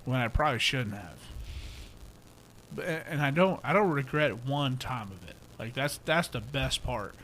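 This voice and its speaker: A young man co-hosting a casual podcast, his talk salted with profanity. He tells stories in a lively way and turns loud when he acts out what friends said. A faint hiss of noise sits behind his voice. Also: medium pitch, normal speed. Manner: profane, animated storytelling, acts out quotes loudly. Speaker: podcast co-host.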